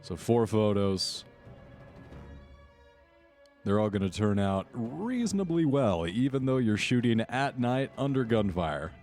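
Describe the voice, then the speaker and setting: A man running a tabletop horror game as game master, giving quick matter-of-fact rulings. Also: on the low side, lively intonation, darkish tone, soft background music.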